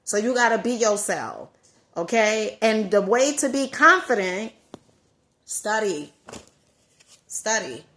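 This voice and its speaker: A woman's voice: on the high side, animated, measured pace, fairly bright tone. A woman with a Southern accent giving an emphatic motivational talk to her viewers, repeating key phrases for effect. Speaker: motivational vlogger.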